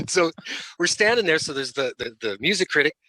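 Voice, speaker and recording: A man, a rock band's lead singer, casually telling lively anecdotes as a guest and laughing along. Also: on the high side, moderate pace, no echo, poor audio. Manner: animated storyteller who laughs between lines.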